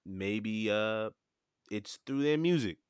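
A man's voice: on the low side, expressive, slow pace, clean tone. An actor playing a sleepy, doubtful young man who teases his friend in slang, in an audio drama. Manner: drowsy, doubtful, teasing in slang. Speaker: Ronnie, the roommate.

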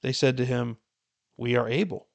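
A man hosting a Bible reading plan, reading scripture passages aloud in an earnest, unhurried way and then explaining them in casual commentary. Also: medium pitch, creaky.

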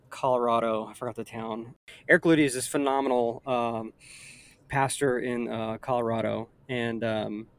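A man's voice: mid-range voice, creaky. A man in his thirties chatting earnestly in a casual conversation, rambling with frequent restarts.

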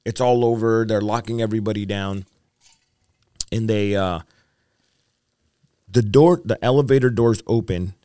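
Deep-voiced male evangelist recounting testimony. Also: measured pace, long pauses, mellow, clean tone. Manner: earnest storyteller, repeats himself, fillers. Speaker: evangelist, interview guest. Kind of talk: testimony in a podcast interview.

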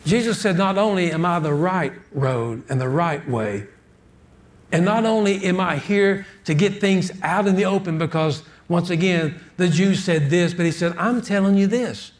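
High-voiced folksy preacher. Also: male voice, normal speed. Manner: folksy storytelling preacher, repeats words. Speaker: pastor. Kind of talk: sermon.

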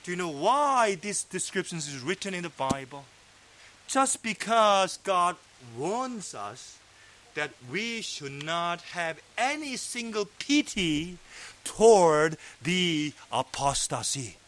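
A man preaching a sermon, fervent and emphatic, sometimes dropping to a low hush. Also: very animated, slow pace, a little hiss or hum. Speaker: pastor. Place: fellowship meeting hall.

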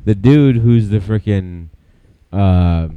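A man co-hosting a podcast in casual chat, animated and swearing, acting out movie quotes. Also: lowish voice, slow, clear, resonant tone, dry recording, narrow, tinny audio. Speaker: podcast co-host.

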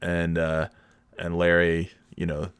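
A man's voice: sits low, monotone, slow pace, clear, resonant tone, dry recording, studio quality. A man hosting a solo podcast, rambling in a loose, profane, digressive way. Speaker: podcast host.

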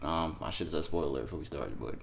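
Very deep-voiced man hosting casual chat. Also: rapid-fire, vocal fry. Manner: loose, profane, laughing banter. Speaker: podcast host.

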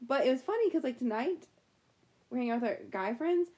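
Giggly chatty young woman, higher voice. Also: animated, brisk, mellow. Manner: giggly, chatty, lots of "anyways" and "like". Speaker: podcast co-host. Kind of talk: casual chat.

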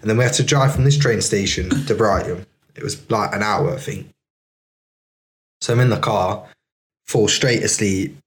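A man's voice: on the low side, moderate pace, long pauses. A young man telling a rambling story as a podcast guest, full of fillers. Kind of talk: casual podcast chat.

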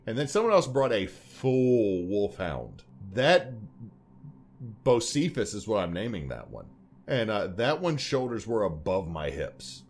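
A young man co-hosting a podcast in casual chat, telling stories in a rambling, animated way full of tangents. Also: fairly low pitch, unhurried, a little hiss or hum. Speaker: podcast co-host.

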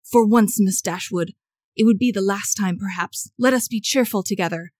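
A woman reading aloud the lines of a reckless, slightly drunk young gentleman in a period novel, with dramatic emphasis. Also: mid-range voice, normal speed, no room sound, close to an everyday voice. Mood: urgent. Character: brash charming young gentleman rake, drunk.

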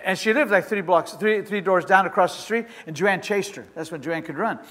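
Bright-voiced preaching man, hall reverb. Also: high voice. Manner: impassioned preaching, swelling to shouts; halting restarts while telling stories. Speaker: pastor. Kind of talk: sermon. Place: church sanctuary with a responding congregation. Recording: long reverb of a church hall.

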